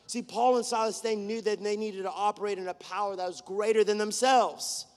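A man with a high, light voice preaches to his congregation, and the sound rings with a long hall reverb. He speaks earnestly, building to fervent, repeated declarations and then dropping to a hushed voice when he tells personal stories. He is a worship leader giving a sermon. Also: steady tone, fairly quick. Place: church.

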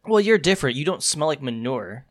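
A man's voice: fairly high pitch, big pitch swings, fairly quick. A man co-hosting a podcast in casual banter, blunt and swearing often, on a call. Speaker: podcast co-host, card store worker. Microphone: phone or remote call.

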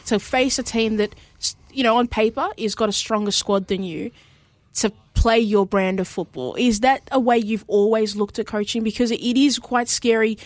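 A woman's voice: on the high side, normal speed, no echo. A woman hosting a community radio show, asking long, encouraging questions in a casual interview. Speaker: radio host.

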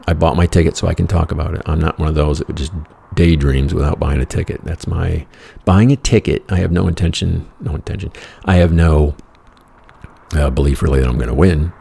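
A man's voice: very deep voice, creaky, warm tone, slightly rough. A man telling a casual anecdote in a wry, exasperated, profane way. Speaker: storyteller.

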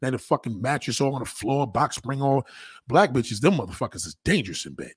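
A brash, profane man holds forth on a livestream, his pitch leaping around as he rants. His voice is slightly husky and sits dry and close to the mic. He keeps sliding into mocking voices. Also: sing-song, a little fast, dry recording. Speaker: livestream host. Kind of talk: crude comedic rant to a livestream chat.

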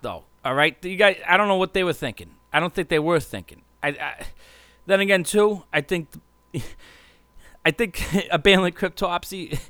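A man's voice: medium pitch, bright, forceful tone, clear, resonant tone, no room sound. Guy ranting and cussing nonstop, rambly and sarcastic, dry close sound. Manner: rambling, heavy swearing, sarcastic. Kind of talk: profane casual rant.

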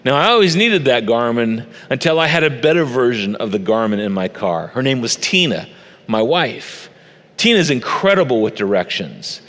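Pastor preaching in a reverberant hall. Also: male voice, medium pitch, very animated, moderate pace, a bit bright. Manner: conversational, personal storytelling. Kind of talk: sermon. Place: church stage. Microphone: stage microphone.

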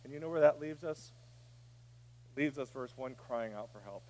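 A man preaching a sermon, dropping to a hush and then rising to a shout. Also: mid-range voice, moderate pace. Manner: preaching, swinging from hushed to shouting. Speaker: pastor.

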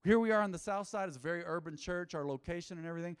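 A male pastor delivers a sermon with a slightly high voice, rising into loud emphatic bursts and dropping into quiet asides. He calls on the congregation to repeat his words. His voice rings with the long reverb of a church hall. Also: rapid-fire, few pauses, smooth. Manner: emphatic, big swings in pitch and loudness. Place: urban church.

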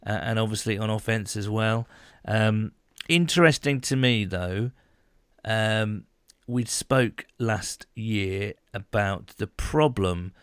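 A man with a lowish voice talking through football in a relaxed podcast chat. He wanders through his points with plenty of ums and restarts, and the close, dry mic keeps the room out of it. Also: clear, resonant tone, no echo. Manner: rambling, many fillers and restarts. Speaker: podcast co-host. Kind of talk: casual sports chat.

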